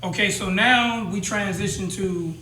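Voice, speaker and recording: A man co-hosting a podcast who keeps the story moving with short, eager prompts and quick backchannels. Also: high-pitched, pushed and bright, echoey room, slight background noise, low-quality recording. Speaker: podcast co-host. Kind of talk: casual interview.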